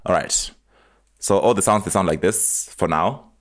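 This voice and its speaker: A man's voice: low voice, moderate pace. A man, a music producer, casually explaining step by step how he built a beat, in a tutorial voice-over. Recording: music playing underneath.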